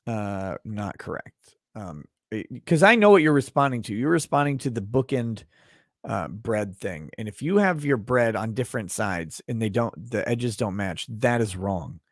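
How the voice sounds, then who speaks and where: A man hosting a livestream, chatting casually with a guest and reading viewer comments aloud with many halting restarts. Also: on the low side, expressive, no echo, studio quality. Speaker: livestream host.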